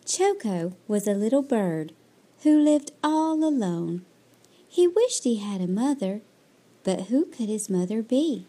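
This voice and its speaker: A woman reading a children's picture book aloud, slowly and expressively. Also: fairly high pitch, big pitch swings, dark tone. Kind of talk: storybook read-aloud.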